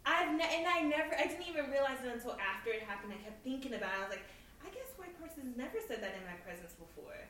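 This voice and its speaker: A married woman co-hosting a podcast, chatting casually and telling an animated story, laughing as she goes. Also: sits high, fast talker, a little hiss or hum. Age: adult, married. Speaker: podcast co-host. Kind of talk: casual chat. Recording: echoey room, mic at a distance.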